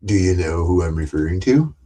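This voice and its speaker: A man's voice: deep voice, lively intonation, fairly quick, warm tone, a little hiss or hum. A middle-aged man hosting a casual livestream, rambling, joking crudely and laughing often. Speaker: livestream host.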